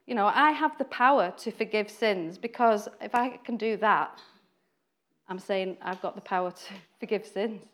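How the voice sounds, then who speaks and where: A woman's voice: medium pitch, normal speed, fairly bright tone. A woman giving an informal, chatty sermon, acting out quoted voices and laughing now and then. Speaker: preacher.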